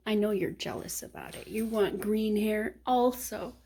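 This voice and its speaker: A woman's voice: medium pitch, normal speed, hardly any pauses, mellow, breathy edge. A woman chatting casually to the camera from home, rambling between topics and sometimes dropping to a whisper. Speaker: vlogger. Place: at home, working from home.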